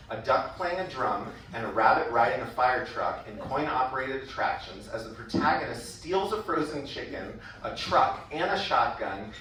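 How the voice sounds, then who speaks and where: A man's voice: medium pitch, slight background noise. A man giving a prepared speech at a school event, telling stories and livening up when he quotes others. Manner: storytelling, animated when quoting others. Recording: echoey hall from far off.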